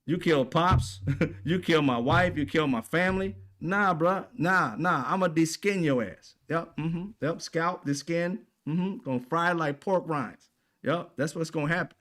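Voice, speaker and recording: A man's voice: a little high, a little slow, a bit bright. A man delivering an indignant, heavily profane political commentary rant, peppered with rhetorical questions to his audience. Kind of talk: ranting commentary.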